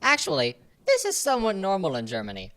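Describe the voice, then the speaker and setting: A woman's voice: low voice, huge pitch swings, fast, noisy background. A woman voicing a rambling, overdramatic male German film director in a comedy podcast sketch. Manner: overdramatic, long-winded storyteller.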